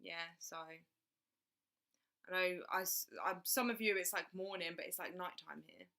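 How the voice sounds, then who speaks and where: A woman's voice: lowish voice, steady tone, unhurried, creaky, bright, forceful tone. A woman chatting casually on a livestream, reading out viewer comments and laughing often. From England. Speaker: livestream host.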